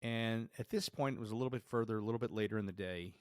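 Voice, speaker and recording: Low-voiced man telling a personal story. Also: fast talker, smooth, no room sound, studio quality. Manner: animated storyteller acting out remembered dialogue. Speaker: podcast host.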